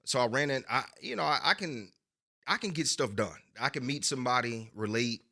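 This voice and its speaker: A man's voice: mid-range voice, animated, brisk, sharp tone. A man co-hosting a podcast who tells loose, laughing stories in casual chat. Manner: loose, laughing storyteller who acts out other people's voices. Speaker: podcast co-host.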